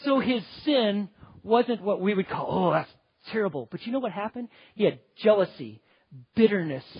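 A man with a high, husky voice delivers an earnest sermon, stressing one word after another as he builds long lists. The sound is dry and a little dull, with a lo-fi edge. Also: no echo. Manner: emphatic, earnest, piles up lists of words. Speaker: preacher.

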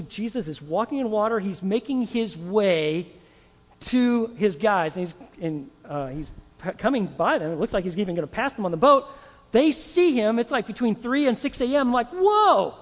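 Brief male pastor, high voice, lively storytelling sermon, reverberant hall. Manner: animated storytelling, acting out voices.

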